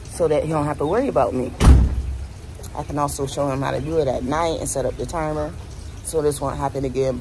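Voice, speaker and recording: Low-voiced woman venting in a vlog. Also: noisy background. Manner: candid, venting, talks straight to the camera. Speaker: vlogger. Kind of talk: casual vlog chat.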